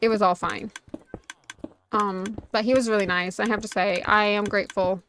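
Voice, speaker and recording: While streaming a game, a woman rambles through a personal story in a chatty way, dropping "like" constantly. Her mid-range voice is steady, fairly bright and moderately paced, picked up by a desk USB mic with slight background noise and faint music behind her.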